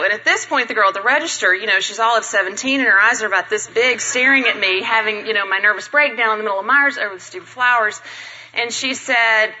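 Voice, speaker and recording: A woman tells a self-deprecating story to a congregation in an animated, lively way. Her voice is very bright and a little high. The sound is slightly muffled and lo-fi. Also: fast talker. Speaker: church member telling a personal story.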